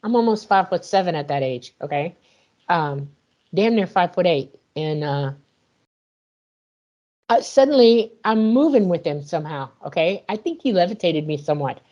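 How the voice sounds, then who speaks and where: A woman guest in an interview, retelling a personal experience in an animated way and acting out the dialogue. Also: fairly low pitch, normal speed, lo-fi sound. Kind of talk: emotional personal storytelling.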